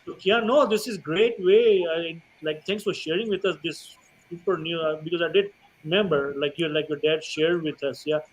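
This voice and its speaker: Chatty husky-voiced male host. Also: fairly high pitch, moderate pace, low-quality recording. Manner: chatty, many fillers like "you know". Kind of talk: casual livestream chat.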